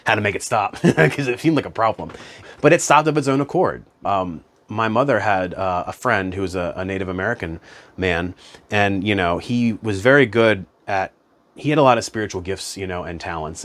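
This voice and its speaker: Guy with a lowish voice chatting about spiritual stuff, laid back, lots of you know and man. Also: a bit bright. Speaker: spiritual self-help coach. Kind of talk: casual motivational monologue.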